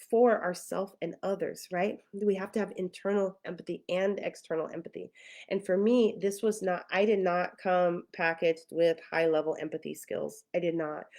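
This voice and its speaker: Thoughtful woman therapist, low-pitched. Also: darkish tone. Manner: thoughtful, many fillers and restarts; acts out her own past feelings in quotes. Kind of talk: casual talk to camera.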